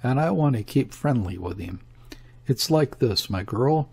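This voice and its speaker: A man voicing a fussy, anxious older father who talks in urgent rushes. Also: medium pitch, lively intonation, vocal fry, darkish tone, husky, heavily acted. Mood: fretful.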